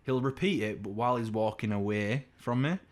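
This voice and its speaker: A young man, co-hosting a podcast in casual, sweary chat and mimicking his father. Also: brisk. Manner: swears freely, imitates his dad with raised pitch. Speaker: podcast co-host.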